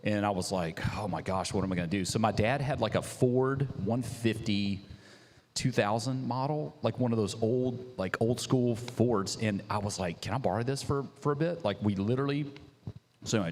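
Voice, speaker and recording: A young man, a coffee business founder, telling his story in a casual interview, animated and slangy, acting out what people said. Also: lowish voice, brisk, a little hiss or hum. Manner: animated, slangy, acts out quotes. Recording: reverberant hall.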